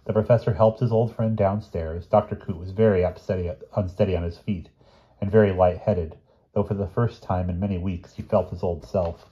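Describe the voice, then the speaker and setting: A man reading a novel aloud as an audiobook narrator, steady, with small slips and restarts. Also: sits low, normal speed, husky, lo-fi sound. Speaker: audiobook reader.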